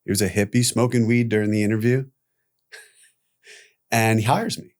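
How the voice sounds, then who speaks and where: A man guest on an interview podcast, recounting his past in a lively, profane storytelling manner. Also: fairly low pitch, a little slow. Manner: animated retelling with profanity, acting out quoted voices.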